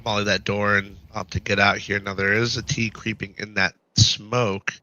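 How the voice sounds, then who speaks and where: A hoarse man commentating live on a competitive match. His lowish voice has a bright, forceful edge. He mixes quick calls with wry asides to the audience. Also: completely flat delivery, muffled recording, slight background noise. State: hoarse from being sick. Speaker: esports caster.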